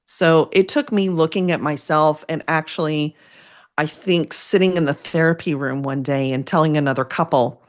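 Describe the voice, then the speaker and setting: A woman's voice: low-pitched, steady tone, moderate pace. A middle-aged woman, a therapist and first responder spouse, speaking openly and emotionally in an interview, with self-deprecating humor. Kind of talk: candid interview conversation.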